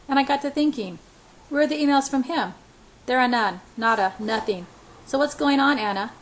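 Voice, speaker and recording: A contemptuous, volatile male boss, as a woman reader puts him on, pressing and sneering. The voice sits a little high and somewhat loud. It is read from a storybook. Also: moderate pace, slight background noise, close to an everyday voice.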